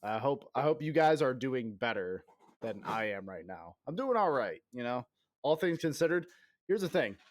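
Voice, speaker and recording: A man in his thirties talks casually to his stream viewers at a mid-range pitch. He rambles, jokes at his own expense and swears freely, with an occasional cough left over from an illness. The sound is dry, with little room echo. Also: big pitch swings, moderate pace. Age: 30s. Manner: rambling, self-mocking, profane. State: recovering from illness, still coughing. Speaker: game streamer.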